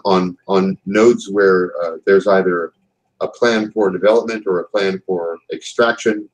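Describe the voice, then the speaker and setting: A man voicing a stern but wry male company boss who talks in a measured, businesslike way, pausing on fillers. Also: low-pitched, low-quality recording.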